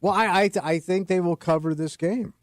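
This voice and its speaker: A man's voice: high-pitched, fairly even intonation, fairly quick, no echo. A man co-hosting a morning radio show, making dry wisecracks and giving sports picks. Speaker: radio co-host.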